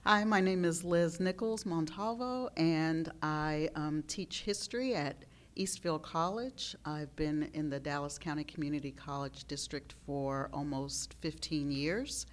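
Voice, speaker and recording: A woman history teacher guesting on a podcast, with a very low voice and a steady, composed delivery. Faint room ambience sits behind her. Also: a little slow, hardly any pauses, slight background noise. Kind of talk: casual podcast talk.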